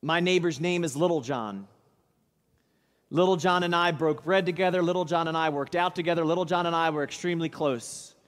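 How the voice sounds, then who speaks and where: A man's voice: on the high side, brisk. A male pastor preaching a sermon in church, telling a story with dramatic, emphatic delivery. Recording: reverberant church hall.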